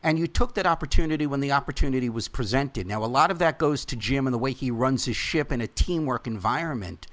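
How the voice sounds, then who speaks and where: A man's voice: mid-range voice, lively intonation, quick pace, few pauses, fairly bright tone. A man hosting a podcast interview, speaking earnestly and emphatically and turning to address his listeners directly. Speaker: podcast host.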